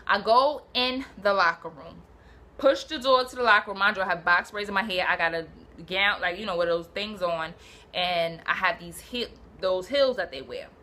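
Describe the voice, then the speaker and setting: A young woman from Brooklyn, telling a personal story in a casual, animated, slangy way and acting out what people said. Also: mid-range voice, normal speed. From Brooklyn, New York. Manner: animated, swearing, slangy, acts out quotes.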